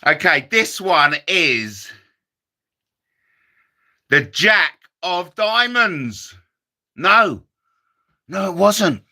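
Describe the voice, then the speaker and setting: A man's voice: high-pitched, very animated, drawn-out words, pauses often, sharp tone. A man doing comic card-trick patter as a magician, self-mocking and chatty with the audience. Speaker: comedy magician.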